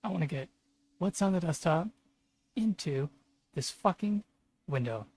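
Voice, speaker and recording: Husky man ranting while coding. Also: on the high side, animated, moderate pace, darkish tone. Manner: frustrated, profane ranting. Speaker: streamer programmer. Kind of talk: live coding stream commentary.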